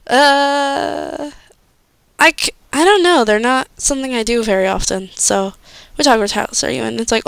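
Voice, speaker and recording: A woman's voice: high-pitched, animated, normal speed, fairly bright tone, smooth, dry recording. A young woman chatting casually on a live stream, bubbly and gushing, often squealing with delight.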